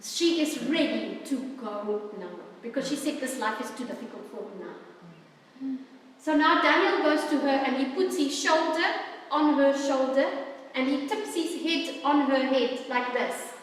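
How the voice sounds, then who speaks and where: A woman presents a workshop to an audience, talking in a warm, chatty, playfully animated way. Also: sits high, measured pace. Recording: echoey hall from far off.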